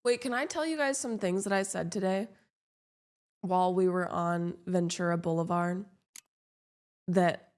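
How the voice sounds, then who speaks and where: A woman's voice: fairly low pitch, unhurried, pauses often, a little mellow. A young woman, chatting casually with her stream while gaming, rambling and self-deprecating with lots of fillers.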